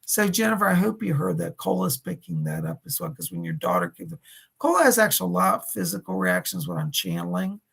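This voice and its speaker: A middle-aged man hosting live psychic readings, chatting warmly with viewers by name and relaying messages. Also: high voice, huge pitch swings, brisk, gravelly, breathy edge. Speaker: psychic medium host.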